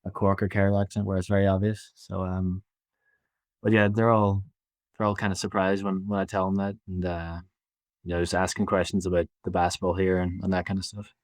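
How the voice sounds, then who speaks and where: A man in his twenties with a Belfast accent, talking casually as an interview guest, relaxed and halting with many fillers. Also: sits low, dry recording. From Northern Ireland. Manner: easygoing, halting, lots of fillers and restarts. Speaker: basketball player guest.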